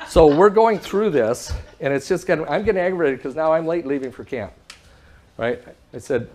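A man giving a talk, telling a story in a lively way and acting out both sides of a phone call, often laughing and pausing for the audience. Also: a little high. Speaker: public speaker.

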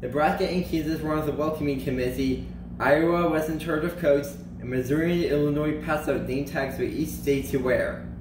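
A man reads a children's picture book aloud, slowing down and lifting his voice for emphasis. His voice sits a little high for a man. The recording is echoey with a faint hiss behind it. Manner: animated, slows and lifts pitch for emphasis and character lines. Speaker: storybook reader. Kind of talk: children's storybook read-aloud.

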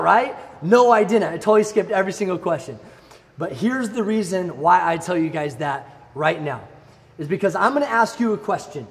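A young man with a high voice gives an animated youth sermon built around a personal story. He talks like an excited storyteller, jumping up when the story hits. His voice rings with a long, hall-like reverb. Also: moderate pace. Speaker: youth pastor.

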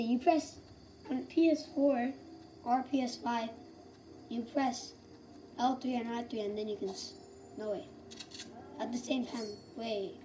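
A woman giving live gameplay commentary, excitable and slangy, with loud exclamations. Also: a little high, slight background noise. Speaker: gamer.

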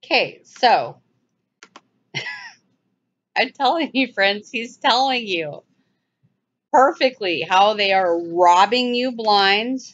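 Woman ranting over clips, urgent and mocking, does high silly voices, muffled recording. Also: expressive, takes it slowly, pauses often, a bit bright. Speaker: channel host. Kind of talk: casual commentary over video clips. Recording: dull lo-fi sound.

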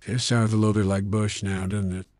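A man's voice: fairly low pitch, flat delivery, fairly quick, a little mellow, no echo, pitched below the performer's own voice. A man with a Yorkshire accent using an AI voice changer to voice a rambling, forgetful old American politician while commentating a game. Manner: mumbly, meandering. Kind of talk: gaming commentary in a put-on voice.

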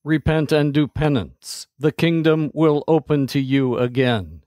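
A man reading a stern, gruff ranger commander. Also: on the high side, darkish tone, no room sound, studio quality, lightly acted. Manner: slow, measured commands.

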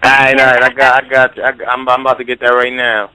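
A male radio host with a bright, forceful voice takes calls on the air. He talks with energy, repeating words as he juggles the lines. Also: mid-range voice, monotone, fast, clean tone, no echo, low-quality recording. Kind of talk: hyped call-in radio hosting.

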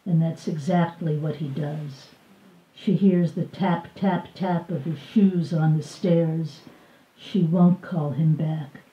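An older woman with a low-pitched voice reads her memoir aloud at a bookstore, measured and expressive as she voices the dialogue. The sound is roomy and dull, picked up from some distance away. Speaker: author reading from her memoir. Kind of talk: live book reading. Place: bookstore reading event.

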